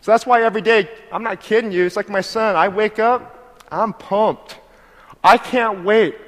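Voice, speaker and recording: A man delivers an animated sermon with a high, ringing voice. He slips into other people's voices and climbs to shouted praise, his words hanging in a long hall reverb. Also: moderate pace. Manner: lively, acts out voices, builds to shouted praise. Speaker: pastor.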